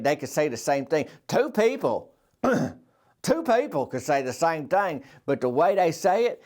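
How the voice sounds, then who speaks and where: Rambling man telling a tale. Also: medium pitch. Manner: rambling, chatty, drawling asides. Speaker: podcast host. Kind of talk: folksy storytelling.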